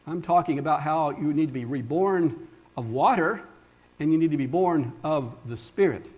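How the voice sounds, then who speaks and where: A preacher acting out a patient male teacher who explains gently and steadily. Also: on the high side, normal speed, husky, pitched below the performer's own voice.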